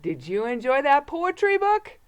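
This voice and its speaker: A woman's voice: high-pitched, big pitch swings. A woman reading a rhyming picture book aloud to children, building suspense with whispers and bursting into cheers. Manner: slow, dramatic, suspenseful, swings to whispers and cheers. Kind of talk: storybook read-aloud for children.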